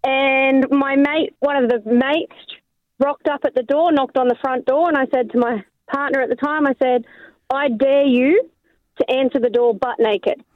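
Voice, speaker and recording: High-voiced woman caller on a phone. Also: steady tone, normal speed, no room sound. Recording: tinny phone line.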